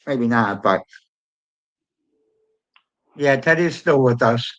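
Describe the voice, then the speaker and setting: A man's voice: medium pitch, expressive, takes it slowly, fairly bright tone. Man chatting on a lo-fi livestream. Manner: chatty, greets and answers viewers by name. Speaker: livestream host. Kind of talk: casual chat with viewers.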